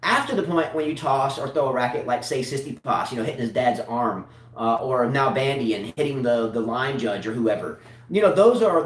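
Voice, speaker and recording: Rambling man talking tennis, echoey room. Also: mid-range voice. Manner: rambling, restarts often. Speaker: tennis show co-host. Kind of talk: casual tennis chat. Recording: echoey room, mic at a distance.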